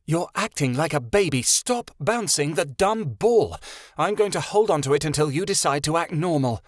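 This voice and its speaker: A man voicing a sharp-tongued, irritable young pregnant woman who talks in a sharp, scolding way. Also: fairly high pitch, animated, moderate pace, dry recording, studio quality, pitched above the performer's own voice. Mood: irritated.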